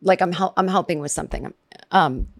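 A woman telling a comic story in a rambling, self-interrupting way, full of "like" and "you know", with sudden jumps in pitch for emphasis. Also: a little fast, no room sound, clean studio sound.

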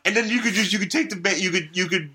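A man's voice: high-pitched, quick pace. A man co-hosting a casual comic-book podcast, rambling through the plot with jokes and restarts. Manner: rambling, restarts, lively jokey retelling. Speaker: podcast co-host.

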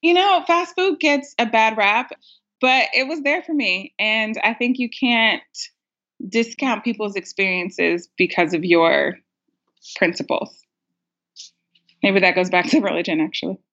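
A woman's voice: mid-range voice, unhurried, a bit bright. Young woman caller, casual, self-mocking, laughs a lot; dull lo-fi recording. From United States. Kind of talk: casual storytelling. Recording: dull lo-fi sound.

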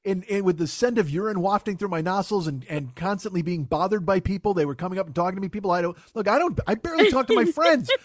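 High-voiced man on a profane comic rant. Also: lively intonation, fast, hardly any pauses, no room sound, studio quality. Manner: profane, exasperated storytelling. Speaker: podcast host. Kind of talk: casual comedic rant.

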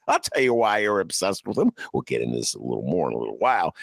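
A man's voice: low voice, big pitch swings, fast talker, vocal fry, hardly any pauses, dry recording. An older man hosting a political talk show, sarcastic and ranting. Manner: sarcastic, ranting, mocks people in put-on voices. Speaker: podcast host.

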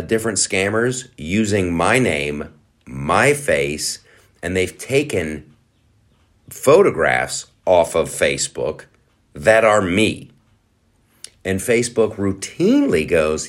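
A middle-aged man hosting a podcast, talking casually with sarcastic, mocking asides. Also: fairly low pitch. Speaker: podcast host. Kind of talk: casual monologue.

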